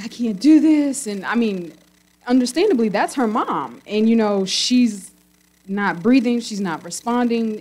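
A young woman telling a church congregation a personal story in a chatty, animated way, with many fillers. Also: mid-range voice, rough recording. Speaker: congregation member giving a testimony. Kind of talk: casual testimony.

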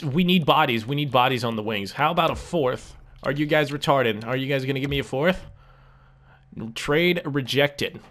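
Young male gamer, loose and animated, curses freely, mid-range voice. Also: medium pitch. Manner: animated, swears often, repeats himself. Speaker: gaming YouTuber. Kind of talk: casual game commentary.

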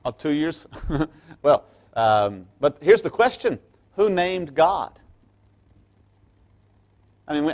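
A middle-aged man preaching a conversational midweek sermon, with folksy asides to the congregation, dropping to quiet asides and rising to loud emphatic stresses. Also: mid-range voice. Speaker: pastor.

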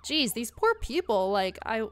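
A woman's voice: a little high, sing-song, measured pace, slight background noise. A young woman casually commenting while playing a game, chatty and reading along. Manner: casual, chatty, reads game text aloud. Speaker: gaming channel host. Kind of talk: let's play commentary.

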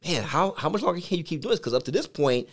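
A middle-aged man, a pastor, co-hosts a laid-back faith podcast and tells a personal story in a fairly high voice at a fast clip. He's an animated storyteller who drops "man" into almost every phrase.

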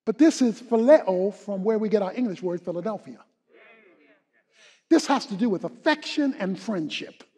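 A male pastor preaching a sermon, moving from hushed, slow Bible teaching to shouted, rising exhortation. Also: high voice, animated, slightly rough. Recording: long hall reverb.

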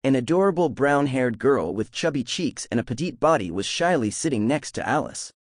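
Male narrator for a novel audiobook, lively reading, dry booth sound. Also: medium pitch, a little fast, dry recording.

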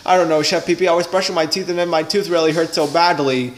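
A man's voice: on the high side, steady tone, quick pace, a little hiss or hum, close to an everyday voice. A man voicing a whiny, stubborn young turtle-dragon prince in a puppet show. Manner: whiny, complaining.

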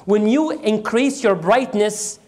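A man's voice: high-pitched, lively intonation, slow, darkish tone. A man giving a religious lecture as a teacher, retelling a story dramatically and quizzing his audience with call-and-response questions. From United States. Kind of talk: sermon-style storytelling lecture.

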